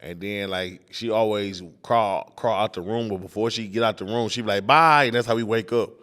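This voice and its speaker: A man's voice: lowish voice, fairly even intonation, fairly quick. Man telling rambling stories loosely. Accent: Houston. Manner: loose storytelling, acts out his daughter's lines. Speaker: rapper guest. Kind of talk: casual interview chat.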